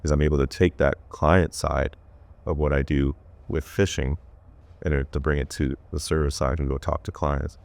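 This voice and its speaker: A man's voice: rumbling low, flat delivery, moderate pace, gravelly, a little mellow, no echo. A man working as a plumber and fishing guide, talking in an easygoing, rambling way on a podcast. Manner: easygoing, talks in long loose runs. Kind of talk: casual podcast conversation.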